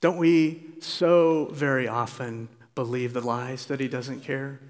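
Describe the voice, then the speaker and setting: A man's voice: mid-range voice, fairly even intonation, slow pace. A man preaching a sermon as pastor, earnest and pleading, with emphatic urgency. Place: church sanctuary. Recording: long reverb of a church hall.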